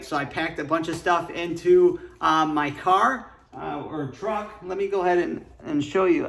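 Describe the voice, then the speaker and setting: A man's voice: on the high side, gravelly, a bit bright. A middle-aged man from Michigan telling his life story casually and earnestly, rambling with fillers while sitting in his car. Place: inside a parked car.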